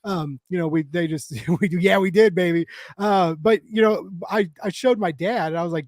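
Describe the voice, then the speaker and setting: A man in his thirties from the United States with a slightly high voice, chatting casually. He rambles through fillers and restarts and laughs easily. The sound is dry and close, with no room echo. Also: moderate pace, few pauses, a little mellow. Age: 30s. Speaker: co-host. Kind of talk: casual chat.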